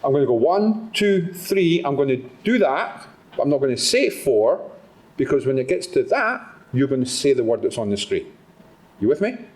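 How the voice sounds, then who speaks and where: A Scottish man speaks to a conference audience with a lively, rising and falling pitch. He talks in an engaging way and keeps the crowd involved. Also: moderate pace. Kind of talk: live talk to an audience. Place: conference hall.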